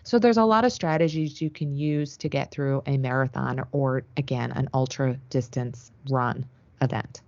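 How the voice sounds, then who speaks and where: A woman's voice: rumbling low, moderate pace, darkish tone, muffled recording. A woman co-hosting a podcast in casual chat, steadily explaining coaching tips. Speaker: podcast co-host.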